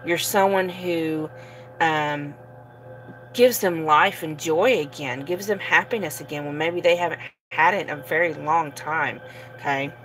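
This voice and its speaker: A woman giving a casual tarot reading, relaxed and sleepy, with many fillers and soft laughs. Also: sits low, unhurried, a little hiss or hum, rough recording. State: sleepy, yawning. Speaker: tarot reader.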